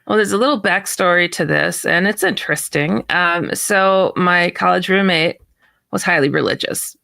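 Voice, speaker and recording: A woman guest tells a personal story with real animation, acting out both sides of the conversation. Her voice is bright and pointed. The sound is dry and close, with no room around it. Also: fairly low pitch, normal speed, creaky, dry recording. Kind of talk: storytelling in an interview.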